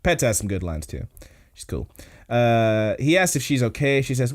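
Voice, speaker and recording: A man's voice: mid-range voice, lively intonation, moderate pace. A man hosting a podcast, casually recapping an episode, laid-back and swearing freely. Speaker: podcast host.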